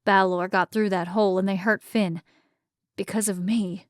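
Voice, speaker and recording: A loyal young druid with a dry, wry edge, voiced by a woman narrator. He speaks plainly and low, recorded close and dry. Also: fairly even intonation, moderate pace, no room sound, close to an everyday voice. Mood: guilty.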